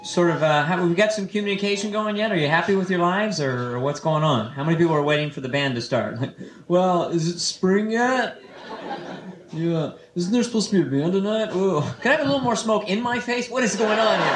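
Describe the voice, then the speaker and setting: A man in his twenties from San Francisco doing a live stand-up set, teasing the crowd quickly and playfully. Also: high-pitched. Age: 20s. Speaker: stand-up comedian. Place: comedy nightclub stage. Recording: echoey club, noisy old live tape. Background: audience laughter.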